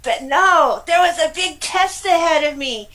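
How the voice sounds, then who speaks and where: A middle-aged woman from California with a high voice tells her own story in an interview. She talks in a lively, animated way, with frequent laughs and exclamations. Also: a little slow, rough recording. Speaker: guest. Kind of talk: casual personal storytelling.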